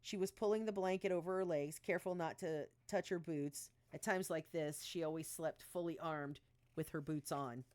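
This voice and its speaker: A woman's voice: deep voice, steady tone, normal speed, darkish tone. A woman reading her own novel aloud on a live stream, giving the characters light voice shifts and stopping now and then to correct herself. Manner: reads dialogue with small voice shifts, stumbles and restarts, laughs at her own asides.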